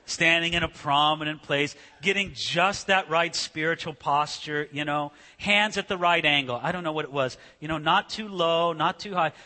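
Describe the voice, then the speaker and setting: A man's voice: on the high side, bright, forceful tone. A man preaching a sermon in a conversational way, with rhetorical questions and acted-out scripture. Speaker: pastor. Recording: reverberant church hall.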